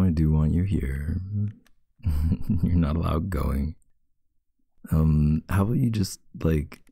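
A man in a whispered role-play, playing a teasing boyfriend. His voice is very low and gravelly, with a husky edge, and he talks slowly into a close, dry mic. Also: no echo. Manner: playful teasing, soft and intimate.

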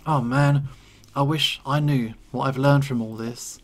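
Here the same kind of let's play comes from a man whose medium-pitched voice stays steady and measured. He's a gaming creator chatting loosely through a story game, fumbling words and laughing to himself, with faint game music in the background.

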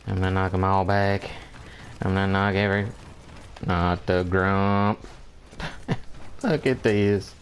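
A man narrates his own gameplay in a slow, unhurried drawl, sitting a little low in his range. He grumbles in disbelief, repeats himself, chuckles and swears mildly in a folksy way. A faint hiss of noise sits under his voice. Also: fairly even intonation, creaky. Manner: folksy mild oaths, chuckles often. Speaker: gameplay commentator. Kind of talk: casual gameplay commentary.

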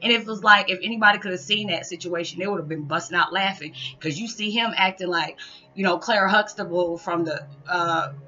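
Lady vlogger rambling through a story, low pitched, punchy bright tone, kinda dull lo-fi sound. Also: brisk, faint music behind. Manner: chatty, rambling, with frequent restarts and laughter. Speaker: spiritual vlogger. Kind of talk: casual storytelling monologue.

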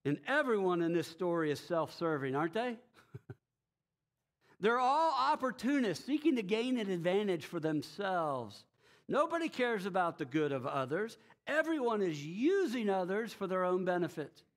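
A church pastor preaches a sermon in a voice that sits high, at normal speed. He tells the story in a lively way, posing rhetorical questions and chuckling frequently.

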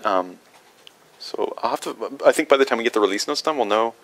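A man's voice: medium pitch, a little fast, a bit bright, poor audio. A man answering viewer questions on a livestream in a casual, rambling way, with many fillers and restarts.

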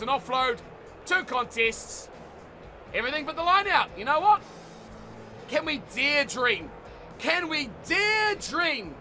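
A gaming YouTuber with a New Zealand accent commentates his own rugby video game in an extremely high-pitched voice. He yells mock insults at the players, then mutters to himself.

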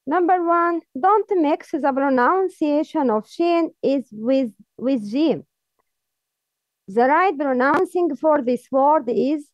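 A woman with a high voice and as her teaches a slow, patient pronunciation lesson. She sounds out each letter again and again, then sets the wrong forms against the right ones. The recording is dry and a little dull. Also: animated, no echo. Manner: demonstrates sounds by repeating them, then corrects wrong versions. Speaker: Quran recitation teacher.

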